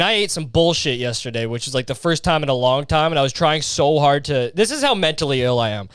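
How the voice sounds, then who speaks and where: A man's voice: a little high, a bit bright, smooth, no echo, clean studio sound. A young man hosting a solo comedy podcast, ranting profanely and acting out voices while sweating in a heatwave. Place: his hot bedroom.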